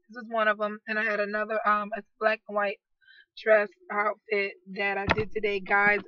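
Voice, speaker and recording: Hoarse woman gushing into a laptop. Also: on the high side, no echo, highs cut off. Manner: effusive, keeps calling out "guys". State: hoarse, losing her voice. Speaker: vlogger, aspiring model. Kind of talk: casual video diary. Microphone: laptop built-in mic.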